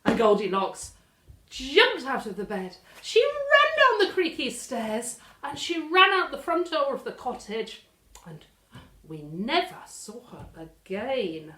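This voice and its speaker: English woman storyteller for children: expressive, gasping, widely varied pitch, roomy sound. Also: unhurried. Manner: animated, with dramatic gasps. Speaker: library storyteller. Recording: echoey room.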